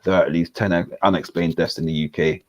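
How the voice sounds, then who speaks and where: A man's voice: low-pitched, steady tone, brisk, a little mellow. A man reading a news article aloud on a panel chat, stumbling over names and making jokey asides. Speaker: panel host.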